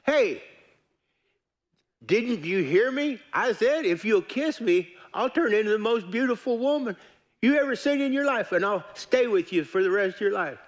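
A man's voice: high-pitched, animated, moderate pace. A man voicing a talking enchanted frog in a joke, begging and insisting to be picked up and kissed. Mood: pleading. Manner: pleading, insistent.

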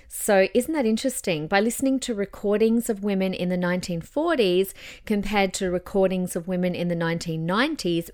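A young adult woman with a lowish voice hosts a casual advice podcast as a voice coach. She speaks encouragingly and demonstrates voice changes along the way.

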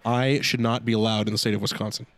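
A man's voice: lowish voice, level tone, fast talker, a bit bright. A man co-hosting a casual podcast, reading listener email and giving blunt, joking opinions. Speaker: podcast co-host.

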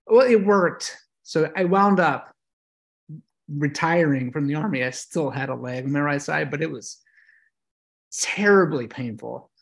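A man's voice: fairly high pitch, unhurried, creaky. A middle-aged American man, a veteran guest on a podcast, telling his story in a reflective, emotional way with many fillers and restarts. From United States. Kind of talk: casual interview storytelling.

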